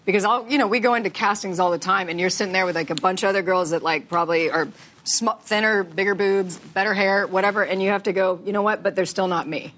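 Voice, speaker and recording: A woman's voice: mid-range voice, fast talker, a bit bright. Laughing woman in her thirties on a panel. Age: 30s. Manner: candid, laughs often, swears casually. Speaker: actress guest at a fan panel. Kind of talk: casual panel chat.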